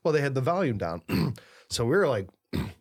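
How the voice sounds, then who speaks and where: A man hosting a podcast in casual chat, telling stories in an animated way and laughing often. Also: mid-range voice, normal speed, husky. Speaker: podcast host.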